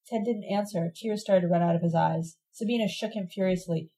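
A woman reads a novel aloud in the first person, steady and measured. Her voice is mellow and dark. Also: medium pitch, rough recording. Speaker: audiobook narrator.

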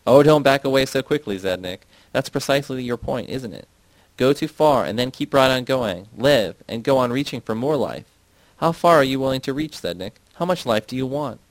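A provoking young woman presses hard with teasing, probing questions, read by a man. The voice stays near a man's ordinary pitch. It sounds dry and close, with no room around it. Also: lively intonation, normal speed, no room sound, natural voice, low-quality recording. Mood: challenging.

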